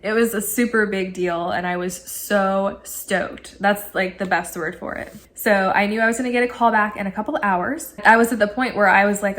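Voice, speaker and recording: A woman in her thirties casually telling a story to camera, animated and laughing, acting out her own excited quotes. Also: medium pitch, brisk. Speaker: vlogger.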